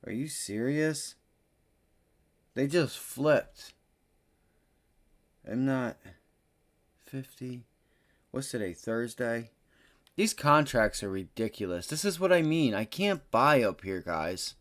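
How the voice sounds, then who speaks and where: A man hosting a live day-trading stream, cursing bluntly and swinging between low muttering and loud excited bursts. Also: takes it slowly, pauses often. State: frustrated. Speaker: livestream day-trading host.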